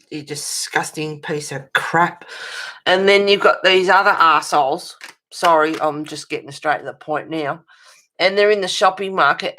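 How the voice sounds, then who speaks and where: A woman's voice: on the low side, sharp tone. An Australian woman chatting bluntly while colouring on a livestream, ranting and swearing freely and reacting to chat messages.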